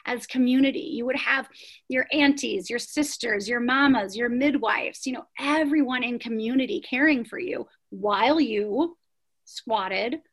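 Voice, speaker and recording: Middle-aged woman, high-ish voice, passionate founder being interviewed, punchy rhetorical questions. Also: measured pace, husky. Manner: energetic, emphatic, many rhetorical questions. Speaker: prenatal yoga studio founder. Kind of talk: interview storytelling.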